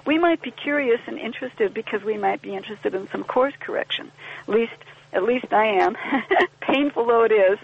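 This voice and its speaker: A woman's voice: medium pitch, gravelly, breathy edge. A woman guest on a podcast, explaining ideas in a thoughtful, wry conversational way and acting out little quoted exchanges. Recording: dull lo-fi podcast audio.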